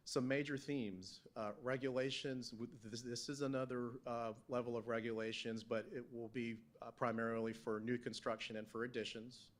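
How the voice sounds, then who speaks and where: A man on the town staff presenting slides at a council work session, halting, with many fillers and restarts. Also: medium pitch, level tone. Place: council meeting room.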